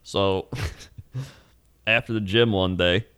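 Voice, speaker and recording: A man's voice: on the low side, steady tone, slow, a bit bright, clear, resonant tone, no echo, studio quality. A man co-hosting a casual chat, telling a story in a laid-back way and laughing often. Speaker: podcast co-host.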